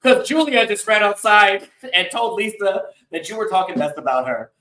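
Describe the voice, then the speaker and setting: A man's voice: sits high, very animated, normal speed, pushed and bright, echoey room, recorded from a distance, rough recording. A man hosting a podcast, recapping a reality TV episode in a casual, gossipy way and laughing often. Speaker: podcast host.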